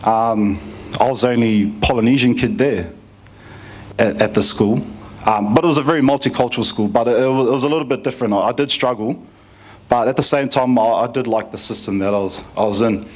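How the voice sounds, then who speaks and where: A man tells his own life story to a conference audience. His delivery is easygoing and full of fillers and restarts, at a mid-range pitch for a man. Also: fairly quick. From New Zealand. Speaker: conference speaker giving a testimony. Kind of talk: personal testimony story.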